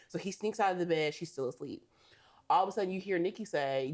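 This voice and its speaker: A woman's voice: sits low, fast talker. A woman co-hosting a podcast, animatedly recapping a movie in casual chat, swearing and laughing often. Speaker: podcast co-host.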